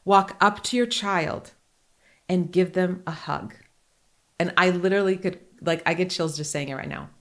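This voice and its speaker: Animated joking woman podcast host. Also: on the low side, moderate pace. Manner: animated, joking and candid storytelling. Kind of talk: casual podcast chat.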